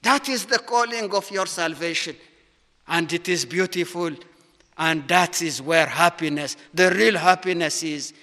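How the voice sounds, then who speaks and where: A man's voice: on the high side, a little slow, sharp tone. A man preaching a sermon in a church, emphatic, repeating words for stress. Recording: long hall reverb.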